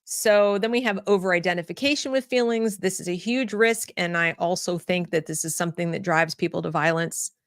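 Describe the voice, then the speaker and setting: A woman's voice: lowish voice, brisk, hardly any pauses, no echo, studio quality. A woman hosting an opinion commentary show, talking bluntly, often repeating words and restarting her sentences. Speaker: host.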